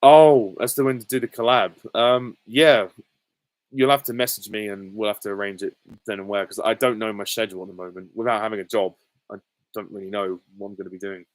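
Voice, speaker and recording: A young man in his twenties chats through viewer questions on a live stream, with a lowish voice. He talks in an easygoing, halting way, full of ums and small laughs. The sound is dry and close. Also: fairly even intonation, no room sound, poor audio. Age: 20s. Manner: easygoing, hesitant with frequent ums and soft laughs. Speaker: YouTuber answering viewer questions. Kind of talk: casual live Q&A reading chat comments.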